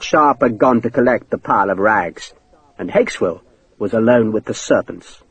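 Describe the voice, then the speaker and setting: A man narrating an audiobook in a dramatic, expressive way. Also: lowish voice, normal speed, husky, dry recording, lo-fi sound. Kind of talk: scripted narration.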